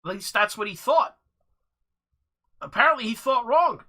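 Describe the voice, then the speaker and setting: A man giving casual commentary over clips, halting and restarting with dry laughs. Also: very high voice, lively intonation, sharp tone.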